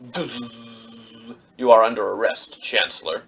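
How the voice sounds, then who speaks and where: A man putting on a stern warrior-monk, firm and commanding. The voice sits close to his own, pitched slightly lower and delivered flatly. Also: takes it slowly, slightly rough, heavily acted.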